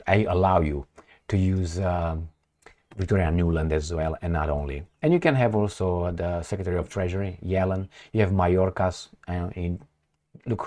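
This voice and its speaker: A man giving a casual commentary monologue, animated, throwing out rhetorical questions and sarcastic asides. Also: low voice. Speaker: political commentator.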